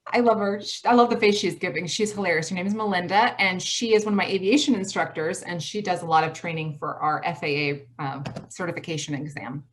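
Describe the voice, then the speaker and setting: A woman in her forties from Michigan with a Midwestern accent gives a motivational talk over a video call from home. She talks fast, stresses her points hard and repeats her key phrases. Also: lowish voice. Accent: Midwestern American. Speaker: college president giving a talk.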